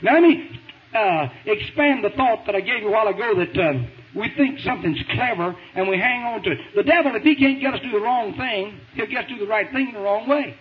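A man preaching a sermon in a folksy, emphatic way, pushing into shouts, heard over a tinny radio broadcast. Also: sits high, lively intonation, fast talker. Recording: tinny phone-like radio broadcast with faint hiss.

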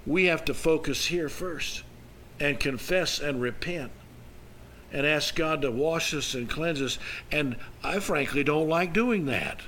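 An older pastor preaches a sermon in a folksy storytelling manner. His fairly high voice climbs on the emphatic points. A faint hiss of noise sits under the recording. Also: measured pace, sharp tone, low-quality recording.

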